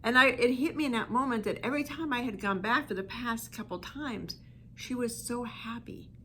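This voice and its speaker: Bright-voiced woman talking casually. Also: fairly high pitch, normal speed, a little hiss or hum. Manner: conversational, full of "you know" asides. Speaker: inner child healing coach. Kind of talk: reflective talk to listeners.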